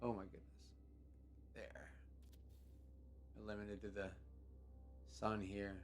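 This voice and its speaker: A man hosting a live game show stream, talking casually in a relaxed, rambling way with many fillers. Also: fairly low pitch, slow, soft background music.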